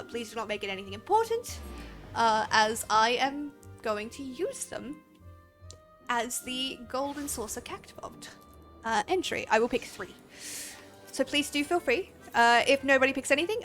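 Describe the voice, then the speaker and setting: A young woman from Australia streaming a game, chatting casually with viewers, excitable, laughing often and swearing freely. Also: a little high. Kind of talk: casual live-stream chat.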